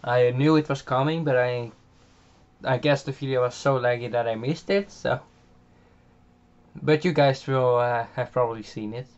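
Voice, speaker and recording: A man's voice: mid-range voice, fairly even intonation, moderate pace, highs cut off. A man with a Dutch accent giving casual, hesitant commentary on a farming game, voiced after the recording, with many filler sounds and restarts. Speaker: game channel host.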